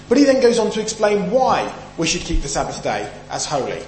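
A man's voice: high-pitched, very animated, brisk, hardly any pauses, darkish tone. A man from the UK preaching a Sunday sermon, emphatic and questioning the audience as he reads and explains scripture. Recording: echoey hall, faint hum.

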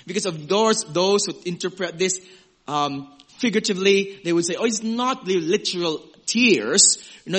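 A man preaching a sermon in a conversational, animated way, swinging from loud exclamations to hushed, gentle passages and acting out little quoted voices. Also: high voice, slightly rough. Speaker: pastor.

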